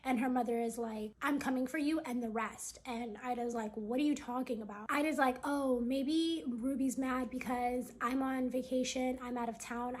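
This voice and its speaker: A woman vlogger retelling someone else's family story in a chatty way, full of "like" fillers, acting out the quoted lines. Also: high voice.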